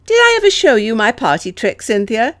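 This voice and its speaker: A woman voicing a lively, teasing young woman in an audiobook, speaking brightly and playfully. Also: a little high, moderate pace, no echo, clean studio sound, pitched above the performer's own voice.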